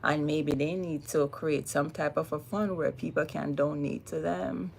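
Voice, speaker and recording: A woman's voice: low-pitched, steady tone, unhurried, gravelly, few pauses, a little mellow, a little hiss or hum. A woman with a Jamaican accent hosting a casual livestream, talking emphatically and repeating words for weight. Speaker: livestream host.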